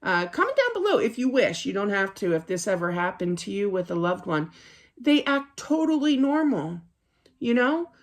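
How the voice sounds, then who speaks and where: A woman reads cards and passes on messages from spirit in a loose, chatty way, talking to camera from her desk at home. Her voice sits at an ordinary middle pitch for a woman. She rambles, trails off and restarts her sentences with plenty of ums and uhs. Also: big pitch swings, moderate pace. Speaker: psychic card reader. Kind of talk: casual spiritual reading to camera.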